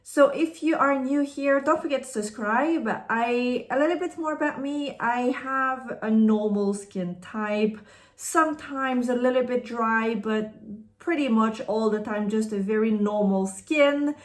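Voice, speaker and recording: A woman's voice: on the high side, measured pace. A woman from Canada whose first language is French, chatting in a friendly, rambling way as she unboxes and reviews products on her vlog. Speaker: beauty vlogger.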